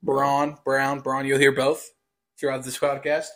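A man's voice: medium pitch, monotone, moderate pace, fairly bright tone. A young man co-hosting a casual podcast chat, rambling and repeating his words with a slight stutter. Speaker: podcast co-host.

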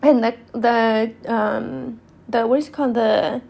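Young woman host, casual storytime, higher voice, lots of swearing and "like" fillers. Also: steady tone, unhurried, creaky, warm tone. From California. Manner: profane, chatty, lots of "like". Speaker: podcast host.

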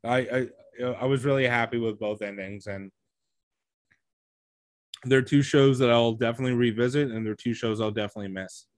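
A man's voice: medium pitch, steady tone, a little fast, long pauses, no echo, studio quality. A man co-hosting a podcast in casual chat, recommending things with enthusiasm and some stumbling restarts. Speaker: podcast co-host.

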